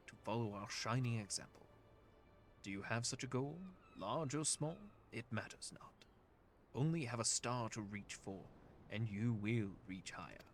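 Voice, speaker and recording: A man's voice: medium pitch, lightly acted. A man voicing an earnest male adventurer leader who speaks in a formal, old-fashioned way, read aloud while playing a game.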